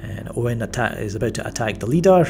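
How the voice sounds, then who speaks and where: A man's voice: mid-range voice, expressive, fast talker, creaky, darkish tone, faint music behind. A man giving a casual spoken movie review, rambling with many fillers and restarts and a wry, mildly sarcastic edge. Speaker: film reviewer.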